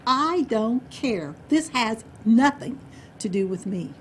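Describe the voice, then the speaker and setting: A woman's voice: a little high, very animated, slow, slight background noise. A woman doing a bored, dismissive chicken. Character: indifferent, dismissive barnyard chicken.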